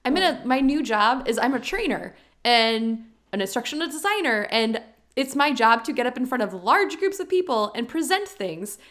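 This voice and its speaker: A woman with a Midwestern accent co-hosting a podcast in casual chat, earnest, talking fast and stumbling over her words when excited. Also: on the high side. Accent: Midwestern American. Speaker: podcast co-host.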